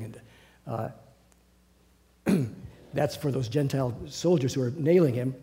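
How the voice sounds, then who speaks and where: A man's voice: medium pitch, moderate pace, pauses often, warm tone. An older man teaching a Bible class over a video call, musing aloud with many restarts.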